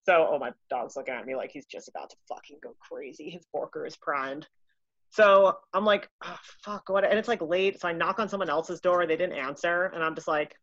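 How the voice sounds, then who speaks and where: A woman telling a casual anecdote in a profane, animated, self-mocking way. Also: lowish voice, brisk, dry recording, dull audio. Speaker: storyteller.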